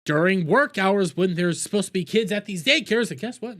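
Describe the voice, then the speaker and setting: A man delivers combative reaction commentary, cursing freely as he argues with a clip. His voice sits high and bright, with pitch that leaps around wildly. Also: expressive, fairly quick. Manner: combative, ranting, heavy swearing. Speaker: streamer reacting to news clips.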